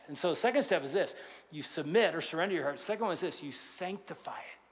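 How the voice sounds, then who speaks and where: An older man in his sixties preaching to a congregation, chatting through stories and asides rather than reciting. His voice sits high for a man, and it rings out with a long reverb. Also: fast talker. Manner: conversational, animated storytelling with asides. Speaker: pastor. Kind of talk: sermon. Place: large church auditorium.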